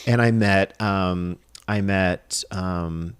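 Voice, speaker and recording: With a smooth, low voice and drawn-out words, a podcast guest tells casual stories. He's a film director and assistant director who stays animated, acts out quoted dialogue, and laughs through his anecdotes.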